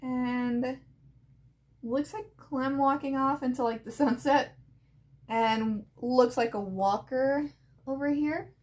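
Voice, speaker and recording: Soft-spoken woman reading and reacting. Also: high-pitched, takes it slowly. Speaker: streamer reading comics.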